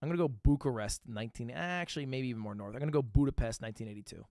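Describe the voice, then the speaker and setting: A man's voice: medium pitch, racing, warm tone, no room sound, studio quality. A man streaming live, talking through his guesses in a casual, thinking-aloud way with frequent swearing and self-mocking asides. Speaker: livestreamer. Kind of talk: casual livestream commentary while playing a guessing game.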